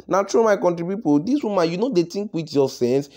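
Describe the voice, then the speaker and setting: A man with a Nigerian accent runs through celebrity gossip for his viewers in a lively, repetitive way. His voice sits a little high for a man. He keeps turning back to his audience as he talks. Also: brisk, hardly any pauses. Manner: animated, repetitive, addresses viewers as "my country people". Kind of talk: gossip commentary in Pidgin.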